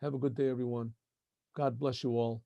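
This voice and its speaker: Throat-clearing rabbi with a gravelly voice. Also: male voice, mid-range voice, level tone, a little fast, no room sound, dull audio. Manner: frequent throat-clearing, self-correcting and meandering. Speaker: rabbi teaching a daily class. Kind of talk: casual spoken lesson.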